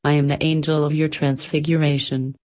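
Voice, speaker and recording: A crowned angel, serene and solemn, welcoming a soul, as a woman reads her part. Her voice is low and calm. It belongs to a storybook. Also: a little fast, lightly acted.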